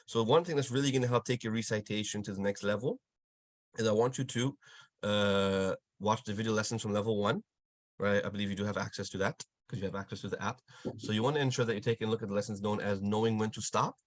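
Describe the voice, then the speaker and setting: A man teaching Quran recitation over a video call, patiently correcting students and slowly demonstrating sounds. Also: lowish voice, fairly even intonation, dry recording. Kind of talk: online tajweed lesson, giving corrections.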